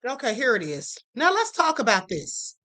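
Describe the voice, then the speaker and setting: A woman's voice: a little high, very animated, normal speed, sharp tone. A woman hosting a live stream, reacting with emphatic commentary and reading out viewer comments. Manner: outspoken, emphatic, addresses viewers as beloveds. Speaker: livestream host.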